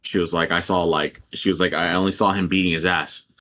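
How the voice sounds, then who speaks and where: A man's voice: low-pitched, steady tone, fairly quick, a bit bright. A young man casually telling a rambling, profane story and quoting people animatedly as a podcast co-host.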